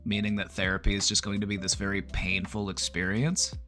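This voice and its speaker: A middle-aged man with a low-pitched voice talks casually as a host. He rambles, thinks aloud and restarts sentences, and light music plays underneath. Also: flat delivery, a little fast, bright, forceful tone. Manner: chatty, rambling, frequent restarts. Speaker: mental health video host. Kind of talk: casual commentary.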